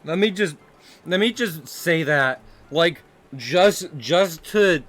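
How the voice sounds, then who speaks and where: With soft music in the background, a man livestreams himself drawing and chatting casually; he rambles, giggles, and often laughs and restarts. His voice is a little high, animated, and fairly bright, and his pace is slow.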